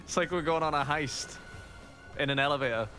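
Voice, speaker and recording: A man joking excitedly with friends while they play a game. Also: on the high side, fairly quick. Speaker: gaming friend. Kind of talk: casual gaming chat. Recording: game music behind voice. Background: game music.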